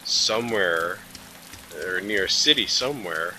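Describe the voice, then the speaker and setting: A man's voice: low-pitched, animated, measured pace, pushed and bright, a little hiss or hum, poor audio. A tired man hosting a late-night game video, muttering and cursing under his breath. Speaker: let's play host. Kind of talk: casual gameplay commentary.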